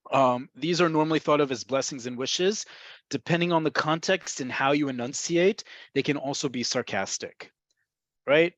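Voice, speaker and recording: A man's voice: mid-range voice, no echo. A man teaching a webinar lesson on Hebrew expressions, explaining pronunciation and often checking in with "right?". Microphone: webinar computer mic.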